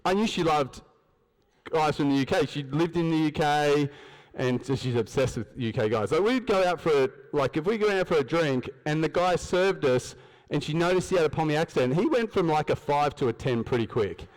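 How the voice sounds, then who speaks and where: A man's voice: on the high side, animated, moderate pace. Australian man telling stories on stage. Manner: storytelling, acts out dialogue, asks the crowd questions. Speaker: speaker at a business event. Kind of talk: motivational stage talk. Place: large event hall, on stage. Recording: long hall reverb.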